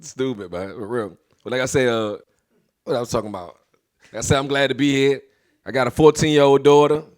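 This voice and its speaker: A man's voice: medium pitch, fairly even intonation, fairly quick. A man in his thirties doing a stand-up comedy set, brash and swearing, acting out the people in his stories.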